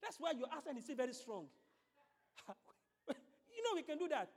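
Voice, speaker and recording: A man's voice: extremely high pitch, very animated, moderate pace, long reverb tail. A man preaching a sermon as pastor, mixing scripture with playful acted-out asides.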